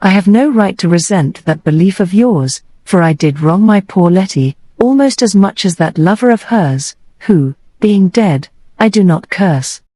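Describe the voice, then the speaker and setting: A woman's voice: mid-range voice, animated, measured pace, hardly any pauses, dark tone, no echo. A woman voicing an earnest young man, a grieving brother, in an audiobook, speaking with urgent emotion.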